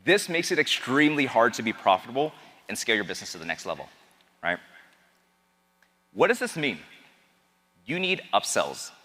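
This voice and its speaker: Male business coach, lively and bright, quizzing the crowd, long hall reverb. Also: medium pitch. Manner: animated, asks the crowd questions. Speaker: business coach speaking to an audience. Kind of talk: energetic seminar talk. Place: event hall with a live audience.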